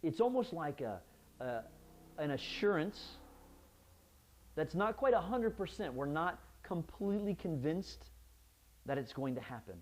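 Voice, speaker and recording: Warm, lively-voiced male preacher. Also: a little high, a little slow, pauses often, slight background noise, low-quality recording. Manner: searching restarts, asks the listeners "right?". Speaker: pastor. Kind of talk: sermon.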